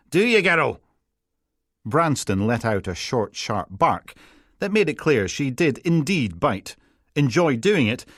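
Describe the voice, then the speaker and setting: Deep-voiced male audiobook narrator. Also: dry recording, clean studio sound. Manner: wry, descriptive storytelling.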